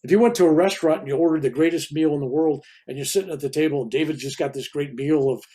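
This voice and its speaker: An older man in his seventies, a reverend, telling a personal story in a loose, animated way and acting out the people in it. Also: fairly high pitch, quick pace, slight background noise. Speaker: reverend and guest speaker. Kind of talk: casual storytelling interview.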